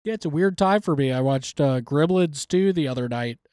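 A man co-hosting a comedy podcast in casual banter, rambling and deadpan, talking through a bluetooth headset. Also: a little high, brisk, clean tone, dry recording, clean studio sound. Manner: deadpan, rambling, absurd replies. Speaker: podcast co-host.

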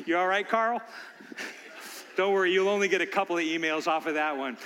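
An older man preaching from the pulpit, telling stories that swell into loud, animated bursts. His voice is bright and sits fairly high. The long reverb of a church hall trails behind his words. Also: normal speed, long pauses, slight background noise. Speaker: pastor. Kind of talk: sermon. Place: church sanctuary.

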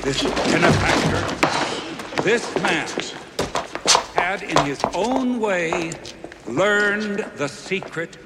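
A man playing a minister giving a measured eulogy at a funeral, in a film clip. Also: sits high, lively intonation, very noisy, heavily acted. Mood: solemn. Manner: measured, slow oratory. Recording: film clip with long reverb.

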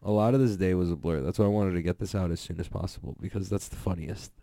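A young man casually recapping events in a rambling, excitable way, swearing and laughing often. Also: low voice, fast, gravelly, no room sound. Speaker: podcast host recapping jiu-jitsu events.

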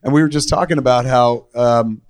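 A man hosting a casual chat, telling stories in a profane, animated way and quoting other people's voices. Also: mid-range voice, a little fast, clear, resonant tone. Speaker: podcast host, director.

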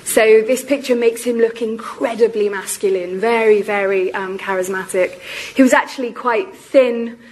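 A woman gives a lecture in a slightly high voice that is wearing hoarse. She speaks in a measured, explanatory way and often pauses on "um" while she thinks. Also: a little mellow, poor audio. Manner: measured and explanatory, with frequent ums. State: losing her voice. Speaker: lecturer on architectural history. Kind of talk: public lecture.

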